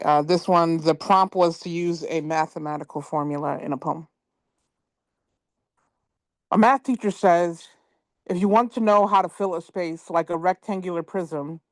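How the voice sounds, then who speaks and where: Woman poet, spoken word reading, measured pointed delivery, lower pitch, dry video call audio. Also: dry recording.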